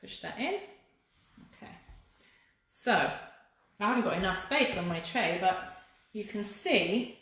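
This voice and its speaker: A woman teaches children to cook in a live demonstration, chatting warmly to viewers as she works. Her voice sits at an ordinary middle pitch. The kitchen around her is strongly echoey. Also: a little slow, long pauses. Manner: chatty, encouraging, talks to viewers while working. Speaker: cooking instructor for children. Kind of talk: live-streamed cooking demonstration.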